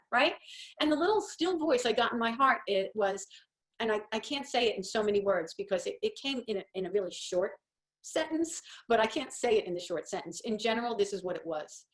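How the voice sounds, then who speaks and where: A woman's voice: mid-range voice, quick pace. Rambling, self-mocking woman in her fifties. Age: 50s. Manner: rambling, self-deprecating storytelling. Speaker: host. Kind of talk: casual coffee-talk monologue.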